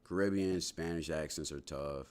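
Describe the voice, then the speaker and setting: A man's voice: a bass voice, moderate pace, darkish tone, clean tone. A young man chatting casually on a livestream, answering his chat in a loose, slangy, rambling way full of restarts.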